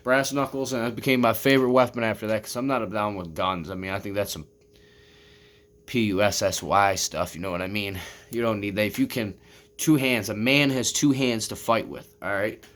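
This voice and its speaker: A vlogger with a fairly low, bright-toned voice talks a little quickly and steadily to his camera for viewers. He tells a long personal story in a loose, rambling way, swearing often and filling pauses with "I mean" and "you know what I'm saying."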